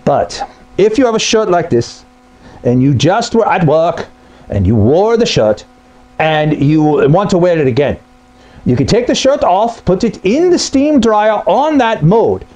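A man's voice: high-pitched, big pitch swings, unhurried, a little mellow. A man who repairs appliances, explaining a topic to camera in a blunt, conversational way. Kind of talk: explainer video.

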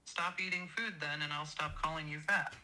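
A man's voice: on the high side, steady tone, normal speed, sharp tone, faint music behind, poor audio. A text-to-speech male voice playing a rude, insulting AI chatbot clone that mocks the person it talks to. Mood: taunting. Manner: mocking, taunting insults.

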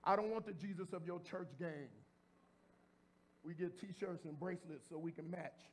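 A pastor preaching a sermon in a church. He talks straight to the congregation in a casual way and repeats phrases as he builds to shouts. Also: sits high, steady tone, moderate pace. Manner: addresses the congregation directly and informally. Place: church sanctuary before a congregation.

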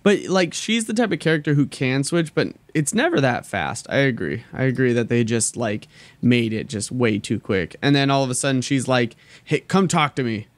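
A man's voice: medium pitch, lively intonation, normal speed, dry recording. A young man chatting on a podcast, easygoing and agreeable, dropping swears as he retells scenes. His voice sits mid-range and sounds dry and close, with no room around it. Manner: laid-back, agreeable, swears, quotes characters. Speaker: podcast co-host. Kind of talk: casual chat.

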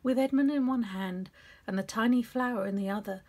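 A woman's voice: on the high side, brisk, a little mellow. A middle-aged woman reading aloud a story she wrote and breaking off for chatty asides, recorded in her home office.

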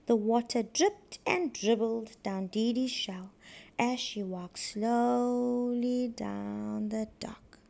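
A woman teacher reads a children's storybook aloud, taking each word slowly and clearly. Her voice sits high and carries a gravelly creak. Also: a little mellow. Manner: slow, clear, careful reading. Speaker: preschool teacher.

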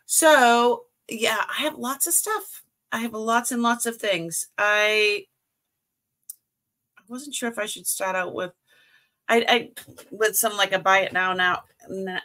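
A middle-aged woman with a Boston accent chats her way through a live sale stream. She talks at an unhurried pace with a bright, forward tone, drifting off mid-thought and starting over. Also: fairly high pitch, fairly even intonation. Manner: chatty and scattered, trailing off and restarting, greeting viewers. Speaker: live jewelry sale host. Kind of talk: casual live-stream chat.

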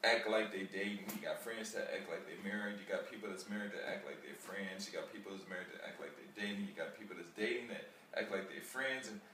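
Man, deep voice, bright and forceful, casual rambling vlog, roomy sound, recorded from a distance, faint street noise. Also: fast talker, hardly any pauses. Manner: rambling, animated, plays out street chats. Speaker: vlogger.

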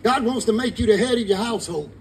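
A man's voice: extremely high pitch, fast talker, soft background music, low-quality recording. A man, preaching fervently in a sermon to a live congregation. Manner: fervent preaching in Southern vernacular. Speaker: pastor.

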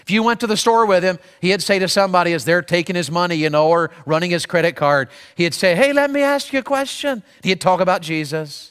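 Male pastor, high bright voice, emphatic sermon in an echoey hall. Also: a little fast, few pauses, clean tone. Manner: emphatic, acts out prayers in a raised voice. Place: large church sanctuary.

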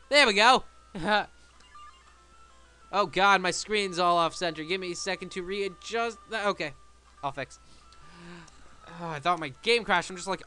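Guy playing a game and yelling at it, clear smooth voice, faint music behind. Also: high-pitched, measured pace, no echo. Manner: excitable, shouts and pleads at the game. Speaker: let's play gamer. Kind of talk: casual game commentary.

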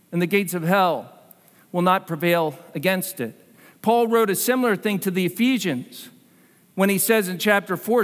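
Man, pastor, sermon, high voice, emphatic then hushed, echoing church hall. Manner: emphatic, swings between loud and hushed. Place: church sanctuary.

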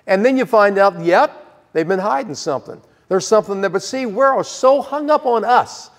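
An older male pastor delivers a sermon in a high voice, earnest and emphatic. His pitch jumps sharply when he presses a point. The sound carries the long reverb of a large hall. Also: animated, normal speed. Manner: earnest, emphatic preaching with sudden rises in pitch.

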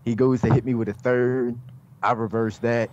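A man guesting on a casual podcast, telling stories in a joking, animated way and swearing. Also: mid-range voice, normal speed, lo-fi sound. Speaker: guest, online wrestling league player.

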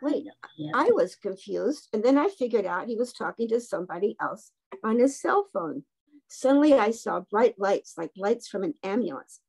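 A woman reading a children's story aloud for a book club, gently voicing the characters' lines. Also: medium pitch, expressive, normal speed, creaky, husky. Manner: gently voices the characters' dialogue.

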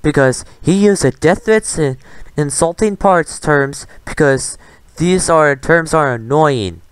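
A man's voice: medium pitch, smooth, dry recording. A man hosting a reaction commentary, talking back at a clip in a defiant, retorting rant. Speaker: commentary host.

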